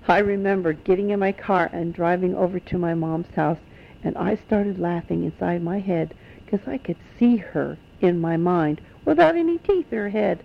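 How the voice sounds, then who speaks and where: Older woman storyteller, gravelly voice, homespun animated delivery, dull lo-fi recording. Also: lowish voice, moderate pace. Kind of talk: telling family stories to children.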